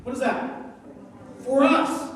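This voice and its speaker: A man's voice: extremely high pitch, slow pace, distant mic. A man preaching to students, telling stories with jokes and asides. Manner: animated storytelling with jokes and asides. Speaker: youth pastor. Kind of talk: youth sermon. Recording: echoey hall, mic from afar.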